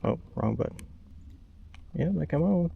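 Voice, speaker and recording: A man's voice: on the high side, expressive, unhurried, creaky, breathy edge, narrow, tinny audio. A young man, talking casually to a camera mounted on his kayak outdoors as he fishes, plainspoken with lots of fillers. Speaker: fishing vlogger. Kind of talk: casual outdoor vlog narration.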